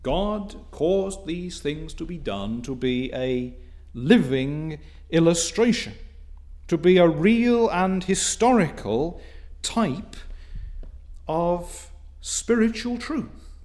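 Emphatic preacher, formal and rising. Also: male voice, expressive, slow. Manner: emphatic, swings between soft low asides and rising stressed phrases; formal, old-fashioned wording. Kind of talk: sermon.

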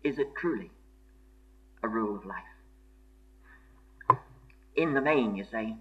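A man's voice: fairly low pitch, animated, takes it slowly, pauses often. A man preaching a sermon in an earnest, emphatic way, repeating key phrases for stress. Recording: dull lo-fi sermon recording.

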